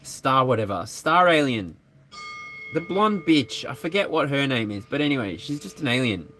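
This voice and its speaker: Lively, bright-voiced man reading tarot. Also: medium pitch, moderate pace, a little hiss or hum. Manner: animated, playful and chatty. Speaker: tarot reader. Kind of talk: live energy reading.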